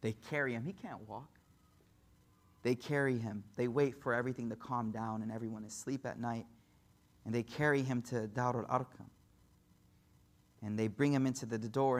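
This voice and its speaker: A male preacher telling a story in a sermon, moving from impassioned, raised passages to hushed, tender ones. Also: medium pitch. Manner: emotive, swings between impassioned and hushed.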